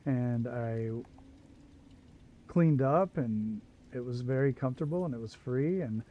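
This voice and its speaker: A man's voice: mid-range voice, measured pace, narrow, tinny audio, a little hiss or hum. A man hosting a livestream, telling a long casual anecdote with asides as he plays. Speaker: livestream host. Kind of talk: casual storytelling while gaming.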